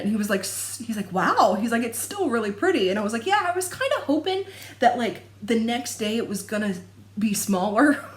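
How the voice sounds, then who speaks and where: A young adult woman chatting casually to camera about her stitching, rambling and laughing often. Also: mid-range voice. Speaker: cross-stitch vlogger. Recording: echoey room.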